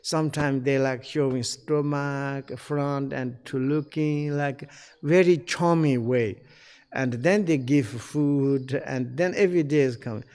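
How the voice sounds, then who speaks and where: Slow, halting male teacher in reverberant room. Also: mid-range voice, a little mellow. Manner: halting non-native English, searching for words; unhurried, frequent fillers and throat-clearing. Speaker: Buddhist teacher. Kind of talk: spiritual teaching seminar.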